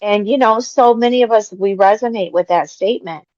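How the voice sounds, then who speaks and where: A woman's voice: medium pitch, a little fast, a little mellow, dry recording. A woman facilitating an online support group, affirming and talking to the group as you guys. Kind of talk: casual group-support chat. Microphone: video call. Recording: dry, dull lo-fi video-call audio.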